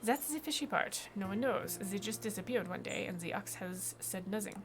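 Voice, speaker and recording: A woman's voice: mid-range voice, normal speed, noisy background, natural voice. Woman doing a German-accented gourd farmer. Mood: grumbling. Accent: put-on German. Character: hefty gourd-headed male vegetable farmer, grumbling and suspicious. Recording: game music playing behind.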